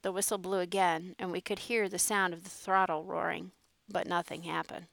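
A woman narrating a storybook in a measured way. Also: lowish voice, little pitch movement, gravelly, a bit bright, no room sound.

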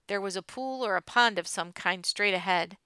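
Bright, crisp woman narrating a story. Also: medium pitch, moderate pace, dry recording. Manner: expressive storytelling. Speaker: audiobook narrator. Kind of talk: scripted narration.

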